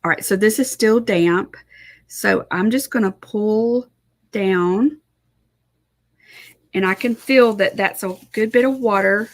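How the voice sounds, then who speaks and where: Slow, gravelly woman teaching painting. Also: mid-range voice. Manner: chatty, thinks aloud, self-correcting. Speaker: art instructor. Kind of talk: live painting tutorial.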